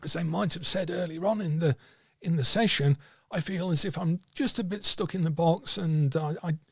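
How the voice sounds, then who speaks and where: A man's voice: on the high side, normal speed, gravelly, slightly rough, dry recording. A man teaching tarot reading in a livestreamed talk, thoughtful and hesitant, with many fillers and restarts.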